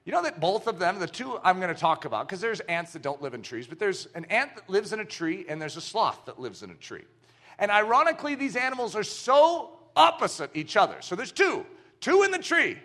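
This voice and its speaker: A male preacher in his thirties or forties delivers a sermon with playful emphasis. His fairly high voice leaps around in pitch, with a bright, forceful edge. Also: sing-song, fairly quick.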